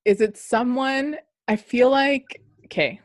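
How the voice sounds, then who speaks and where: A woman's voice: on the high side, takes it slowly, no room sound, clean studio sound. A woman hosting a podcast, chatting casually and laughing often. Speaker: podcast host. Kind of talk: casual chat.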